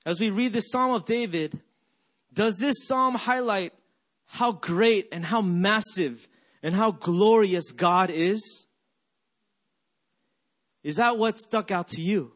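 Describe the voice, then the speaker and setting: Slow high-voiced male preacher. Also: a bit bright. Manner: slow, reflective, rhetorical questions. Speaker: pastor. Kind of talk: sermon.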